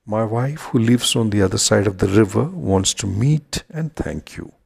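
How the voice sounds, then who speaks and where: A man with a low, creaky, husky voice voicing a foolish, henpecked male crocodile in a storybook tale. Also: lively intonation, moderate pace, darkish tone, heavily acted. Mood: sweet-talking. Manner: sweet-talking, then menacing.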